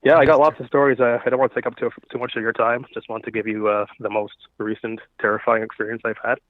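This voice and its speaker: A man calling in to tell a ghost story, halting and nervous, full of fillers. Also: medium pitch, little pitch movement, no room sound. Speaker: caller. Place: at home. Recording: tinny phone line.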